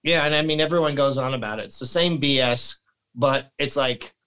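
A man talking as a guest on a casual podcast, rambling and animated, restarting sentences and clearing his throat. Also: medium pitch, a little fast, rough recording.

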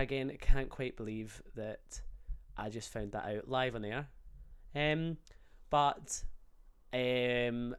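A man's voice: medium pitch, a bit bright, clear, resonant tone. A man hosting a podcast, rambling and jokey, swearing freely in casual chat. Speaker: podcast host.

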